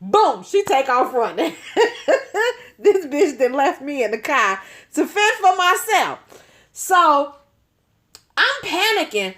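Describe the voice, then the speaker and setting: A woman telling a story in a casual, animated way, using slang and swearing freely. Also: high-pitched, slow pace, pauses often. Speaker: nail artist, channel host.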